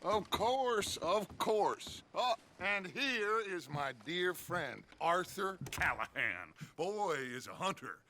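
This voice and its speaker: An actor playing a smooth-talking middle-aged outlaw gang leader who speaks in theatrical, flowery introductions. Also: male voice, high-pitched, very animated, slow pace, bright, forceful tone, slight background noise, exaggerated voice. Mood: flattering.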